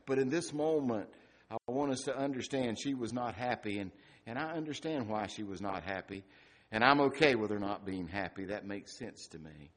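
A middle-aged male pastor preaching a sermon, rising to loud emphatic peaks and dropping to quiet, hushed lines. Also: mid-range voice, lively intonation, a little fast.

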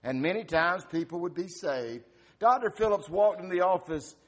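A man preaching an Easter sermon, telling a story with dramatic swings in loudness. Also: high-pitched, normal speed. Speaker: pastor.

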